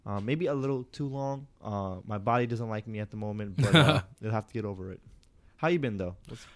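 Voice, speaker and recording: A man's voice: on the low side, quick pace. A man co-hosting a podcast in casual chat, laid-back and reacting with short words. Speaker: podcast co-host.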